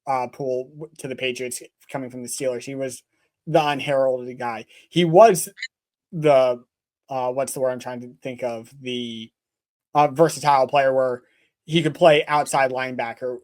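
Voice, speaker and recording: Earnest mid-pitched man making sports points. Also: steady tone, moderate pace, darkish tone. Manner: earnest, hammers home his points with repetition. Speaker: sports podcast co-host. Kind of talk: casual sports talk.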